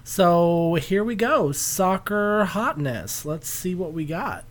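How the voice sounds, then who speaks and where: A man's voice: sits high, lively intonation, takes it slowly, slight background noise. A man hosting a casual podcast, rambling and self-deprecating and laughing often. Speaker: podcast host.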